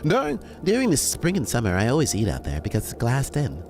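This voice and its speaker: A man's voice: mid-range voice, huge pitch swings, brisk, music in the background. A man reading aloud and voicing an eager, beaming female neighbor who talks in an overly friendly way. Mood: chatty.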